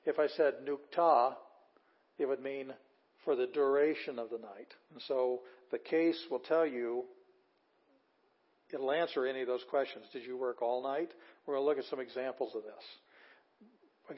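An older man lectures a class, explaining patiently in a mid-pitched voice. He pauses on fillers and goes back over his sentences. The recording sounds dull and lo-fi. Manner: plain, patient explaining with fillers and restarts, reading words slowly aloud. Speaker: Bible Greek teacher.

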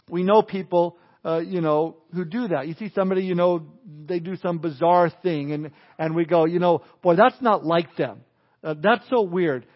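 A man's voice: high-pitched, muffled recording. A middle-aged man preaching a sermon, mixing scripture with folksy jokes and asides. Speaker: pastor.

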